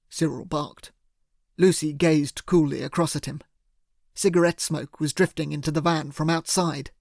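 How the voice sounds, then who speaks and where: A man narrates a first-person audiobook at a steady, measured pace. His slightly high voice carries a gravelly rasp, recorded close and bone-dry with no echo.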